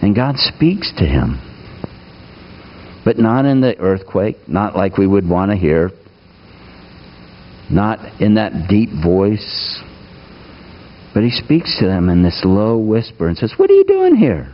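A man's voice: deep voice, slow pace, long pauses, dull audio. Folksy man preaching a sermon. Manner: folksy, engages the congregation with questions. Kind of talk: conversational sermon. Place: church.

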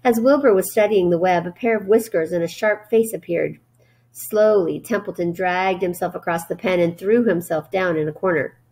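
A woman teacher reading a children's novel aloud, steady and gentle, with brief explaining asides. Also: fairly low pitch, normal speed, breathy edge. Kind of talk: read-aloud storytelling.

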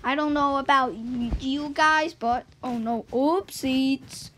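A woman giving let's-play game commentary as a YouTuber, swinging between loud excited yelps and low muttered asides. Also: slow, noisy background. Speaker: gaming YouTuber.

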